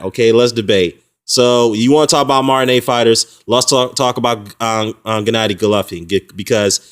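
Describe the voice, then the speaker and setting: A man's voice: mid-range voice, fairly bright tone, clean tone. Man ranting in a mocking vlog. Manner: heated and mocking, with frequent fillers and laughs. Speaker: boxing commentary vlogger. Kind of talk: casual ranting response video.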